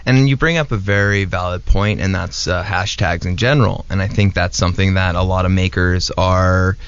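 A man's voice: sits low, steady tone, moderate pace, clean tone, no room sound. A man who is a knife maker, a guest on a show, explaining things steadily step by step in casual talk. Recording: dull lo-fi dry recording.

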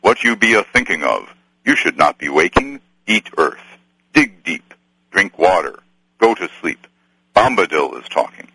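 A man's voice: deep voice, sing-song, a little slow, gravelly, pushed and bright, husky, no room sound, full character voice, low-quality recording. A man voicing a merry old rustic nature spirit in an archival dramatic reading, sing-song and rhyming in old country dialect. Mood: commanding.

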